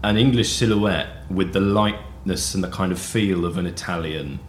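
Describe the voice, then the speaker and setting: A man's voice: low voice, normal speed. A man hosting a podcast interview, enthusiastically summarizing points for his listeners. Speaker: podcast host. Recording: echoey room, faint hiss.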